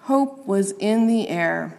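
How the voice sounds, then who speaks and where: A woman reads a children's story aloud at a slow, unhurried pace. She plays up the sound words with relish. Her voice rings with a long reverb. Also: medium pitch, vocal fry. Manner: expressive, playing up sound words.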